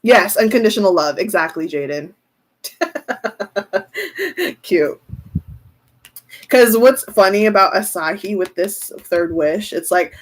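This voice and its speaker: A chatty woman giving a relaxed tarot reading, talking through her thoughts as they come. She giggles often and answers comments from viewers as she goes. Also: mid-range voice, slow, pauses often. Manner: chatty, giggly, thinks aloud. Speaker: tarot reader. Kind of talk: casual tarot reading livestream.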